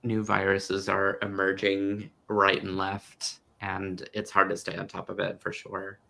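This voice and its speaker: A man co-hosting a casual jewelry-making chat on a video call, relaxed and laughing often, with filler-heavy trailing sentences. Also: sits low, a little slow, vocal fry. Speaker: co-host.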